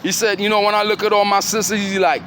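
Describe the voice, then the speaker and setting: A man's voice: high voice, level tone, fast, fairly bright tone, a little hiss or hum. A middle-aged man giving a rambling, preachy monologue to his children and followers. He talks in street slang and keeps throwing questions at his listeners.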